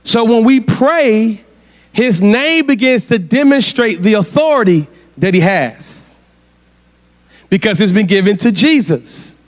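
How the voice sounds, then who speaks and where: Slow high-voiced preacher quizzing his crowd. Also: lively intonation. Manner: asks the crowd rhetorical questions. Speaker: guest preacher. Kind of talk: sermon. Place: church conference.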